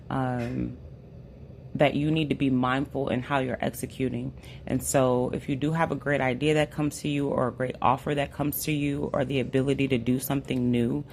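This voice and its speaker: A tarot reader from the United States talks through a casual reading in a voice still hoarse from an illness. The delivery is loose and conversational, full of "um" and asides to "you guys". The voice sits at a middle pitch, with a faint hiss of noise underneath. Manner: chatty and relaxed, fills pauses with "um". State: hoarse, recovering from a lost voice.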